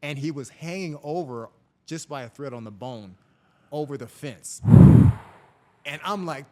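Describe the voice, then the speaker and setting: A middle-aged man, a police officer, telling stories from the job in a casual interview, lively and acting out the people in them. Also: medium pitch, normal speed. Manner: animated storyteller, voices people in his anecdotes.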